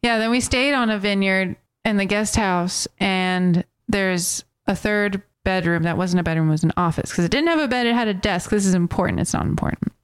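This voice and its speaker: An American woman telling a travel story in casual chat, animated and joking with playful accents. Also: medium pitch, fairly quick, hardly any pauses, clear, resonant tone, dry recording. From United States. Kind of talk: casual chat about a trip.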